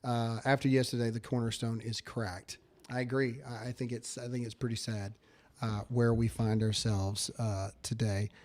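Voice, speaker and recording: A man's voice: mid-range voice, little pitch movement, normal speed, darkish tone. A man hosting a casual talk show, emphatic and pleading, often stammering and repeating himself. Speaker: show host.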